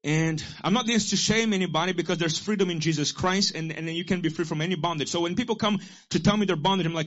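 Male pastor, high voice, exhorting sermon, repeats lines for the congregation, dull muffled recording. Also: fast, few pauses, fairly bright tone. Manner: exhorting, repeats key lines and has the congregation echo them.

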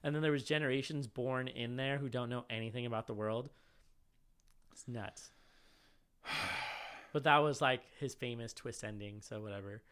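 A man talking in a casual, chatty way, drifting into stories and swearing freely. His voice is bright and forward, with a smooth, clean, resonant tone. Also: mid-range voice, moderate pace, long pauses. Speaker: podcast co-host and writer. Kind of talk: casual chat.

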